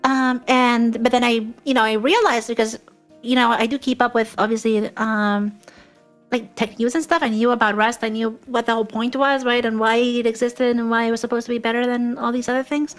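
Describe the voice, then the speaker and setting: Rambling woman interviewer, high voice. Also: steady tone, fairly quick, faint music behind. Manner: rambling, many fillers and throat clearing. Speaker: guest interviewer. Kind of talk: casual interview chat.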